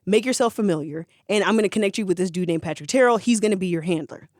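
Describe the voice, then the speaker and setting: A storyteller voicing a calm male lawyer who talks in a matter-of-fact, persuasive way. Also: medium pitch, fast, no room sound, studio quality, natural voice.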